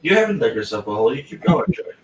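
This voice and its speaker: Racing along in a sing-song, medium-pitched voice, this man hosts a casual podcast chat, blunt, cursing freely and cutting himself off as he loops through his points. A little hiss or hum sits under the roomy, distant mic sound with faint ambience.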